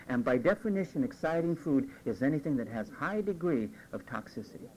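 A man's voice: medium pitch, fairly quick, hardly any pauses, a little hiss or hum, poor audio. A man preaching a conversational sermon as pastor, acting out quoted voices along the way. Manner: animated, acts out quoted voices.

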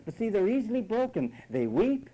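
A man's voice: sits high, big pitch swings, brisk, dark tone, low-quality recording. A man preaching a sermon, emphatic and mocking, at times imitating whiny voices.

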